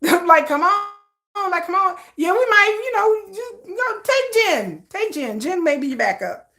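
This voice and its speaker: Woman vlogger with a bright, animated voice, joking banter with viewers. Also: extremely high pitch, unhurried. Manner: playful, joking, laughs often. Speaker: K-pop news vlogger. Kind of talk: casual chat to camera.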